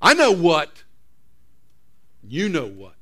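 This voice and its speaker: A man's voice: a little high, expressive, moderate pace, fairly bright tone. Preacher acting a mocking male devil who whispers accusations; keep it taunting.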